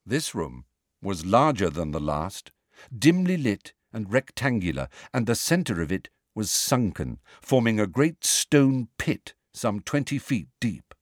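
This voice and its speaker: Male narrator, audiobook reading, expressive, lively rise and fall, dry close sound. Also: fairly low pitch, unhurried, no room sound.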